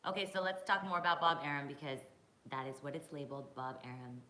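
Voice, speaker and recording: A woman's voice: sits low, fast talker, bright, forceful tone, echoey room, slight background noise, rough recording. A woman hosting a live stream, chatting casually with her viewers, swearing freely and reacting to their comments while sipping wine. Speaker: podcast host reading live chat.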